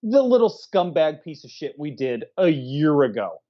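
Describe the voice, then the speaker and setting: A man co-hosts a casual movie review podcast with a crude, ranting delivery. His pitch swings widely, and the recording sounds dull and lo-fi. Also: big pitch swings, moderate pace.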